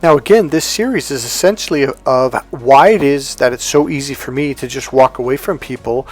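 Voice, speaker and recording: Animated male relationship coach. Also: mid-range voice, brisk, faint music behind. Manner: animated, acts out both sides of dialogues; frequent restarts and self-corrections. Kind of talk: casual teaching monologue.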